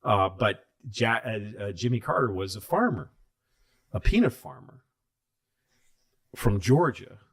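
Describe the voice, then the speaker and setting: A man's voice: fairly low pitch, very animated, unhurried, pauses often. A comedian in his fifties, telling rambling, profane stories in casual chat.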